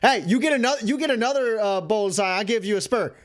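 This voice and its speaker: An excitable saloon barkeep, put on by a man running a tabletop game, pitched well above his usual voice and bursting with exclamations. He swears and marvels loudly in a lively, animated way. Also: a little fast. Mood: amazed. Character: excitable loud male saloon bartender.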